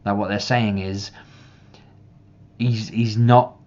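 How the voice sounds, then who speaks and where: A young man with a very low voice chats to camera at length, circling back and restarting his thoughts as he goes. He gets animated whenever he acts out a conversation. The recording sounds dull and slightly lo-fi. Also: slow. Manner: rambling, restarts often, animated when reenacting. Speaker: parent vlogger. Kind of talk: casual chat to camera.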